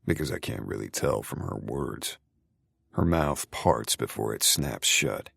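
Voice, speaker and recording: A man's voice: extremely low pitch, lively intonation, a little slow, gravelly, fairly bright tone, husky, dry recording, studio quality. A man narrating a first-person romance audiobook in a brooding, intimate way.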